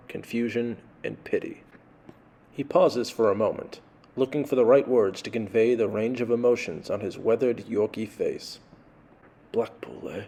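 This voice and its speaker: Guy narrating his travel story, deadpan sarcastic, mid-pitched voice. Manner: dry, sardonic storytelling. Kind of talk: scripted narration.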